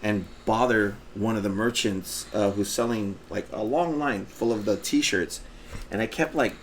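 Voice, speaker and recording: A man's voice: fairly low pitch, a little slow, a little hiss or hum. A man co-hosting a podcast, telling a long rambling story in casual chat, acting out what people said and swearing freely. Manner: rambling, animated storyteller who acts out quotes, swears freely. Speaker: podcast co-host.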